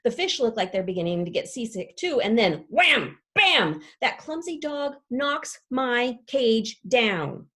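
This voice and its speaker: A woman's voice: a little slow, hardly any pauses, full character voice. A woman reading aloud as a chatty, dramatic classroom pet parrot who makes up rhymes. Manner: lively storytelling with playful rhymes and pitch leaps. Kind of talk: children's book read aloud.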